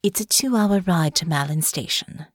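A woman's voice: fairly low pitch, moderate pace, breathy edge, no echo, clean studio sound. A woman voicing a cold, calculating young noblewoman who speaks in a detached, matter-of-fact way.

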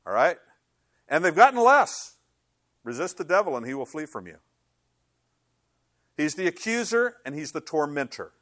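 Older man, pastor, sermon, animated storytelling, dry close sound. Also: on the high side, moderate pace, long pauses, no echo. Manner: animated storytelling, acts out inner dialogue.

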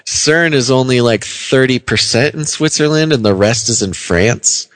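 A man's voice: mid-range voice, measured pace, a bit bright, dry recording. A man co-hosting a podcast in casual banter, joking and laughing often. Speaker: podcast co-host.

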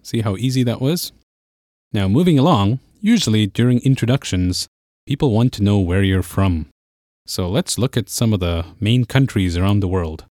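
A man's voice: lowish voice, expressive, normal speed, warm tone, no room sound, studio quality. A man teaching a podcast language lesson, explaining patiently step by step.

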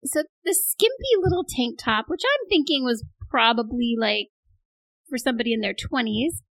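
A woman's voice: a little high, lively intonation, moderate pace, fairly bright tone, no room sound, low-quality recording. A woman co-hosting a casual talk show, teasing her partner with mock sympathy and telling her own stories. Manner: playful, teasing, jokey sympathy. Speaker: podcast co-host. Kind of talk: casual chat.

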